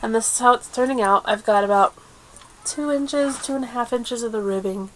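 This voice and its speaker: A woman hosting a crafting video podcast in casual chat, chatty and quick with asides, laughing often. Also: fairly high pitch, a little hiss or hum. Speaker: podcast host.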